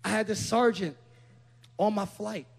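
A man preaching a sermon with passion, swinging from quiet, low-key storytelling up to loud shouting. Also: a little slow, creaky. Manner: impassioned, builds to loud shouting.

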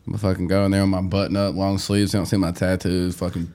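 A man's voice: deep voice, little pitch movement, quick pace, dark tone. A young man co-hosting a podcast, joking crudely in casual chat. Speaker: podcast co-host.

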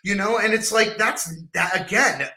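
Guy on a podcast rambling along, super bright voice, laughs a lot. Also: high-pitched, moderate pace, poor audio. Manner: rambling, restarts, laughs easily. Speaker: podcast co-host. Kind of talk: casual podcast chat.

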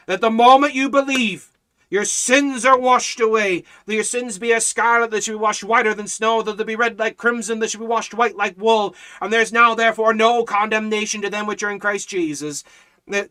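A man teaching a Bible study in a fervent preaching style, repeating phrases in a steady cadence. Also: high voice.

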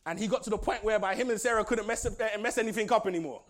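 A male pastor preaching a lively sermon, laughing often and swinging from shouted lines to soft asides. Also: high voice, racing.

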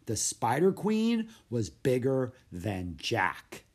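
A man's voice: medium pitch, wildly swooping pitch, slow, breathy edge. Man reading a storybook aloud. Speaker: narrator. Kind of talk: storybook read-aloud narration.

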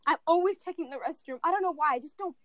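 High, quick-talking woman. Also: no room sound, clean studio sound. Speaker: podcast co-host. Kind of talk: casual chat.

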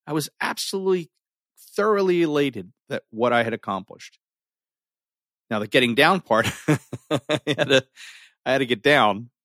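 Male storyteller, middle-aged, low voice, lively recounting with restarts and pauses; close, dry sound. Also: no echo. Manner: animated, with many restarts and dramatic pauses. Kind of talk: personal storytelling.

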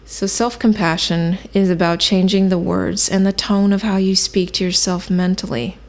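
A woman hosting a self-help podcast, teaching in a calm, measured way and thinking aloud with occasional fillers. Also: medium pitch. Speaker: podcast host.

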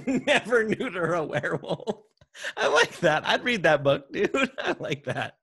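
A man's voice: high-pitched, sing-song, unhurried, vocal fry, fairly bright tone, husky. A man co-hosting a podcast in casual chat, laughing often and joking about himself. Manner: chatty, laughs often, self-deprecating. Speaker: podcast co-host.

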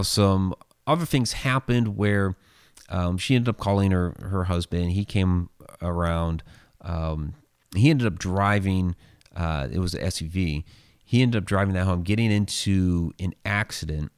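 Man, deep voice, casual host chat, rambling, lots of fillers, dry close sound. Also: clear, resonant tone, dry recording. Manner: loose and rambling, many fillers and restarts. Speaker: host reading viewer questions.

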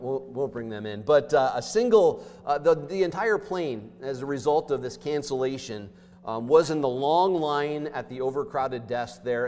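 A man preaching a sermon as pastor, with emphatic delivery that swings between loud stresses and hushed asides. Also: medium pitch. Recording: long hall reverb.

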